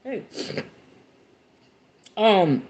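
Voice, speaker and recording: A woman's voice: medium pitch, drawn-out words, gravelly, lo-fi sound. A woman hosting a podcast, reading a book aloud and breaking off into playful, casual commentary. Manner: animated, playful asides between read passages. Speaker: podcast host.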